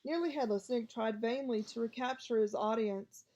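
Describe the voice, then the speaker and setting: A woman's voice: fairly high pitch, normal speed. A woman narrating an audiobook, reading expressively. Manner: expressive, lively voices for each character. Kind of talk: storybook reading.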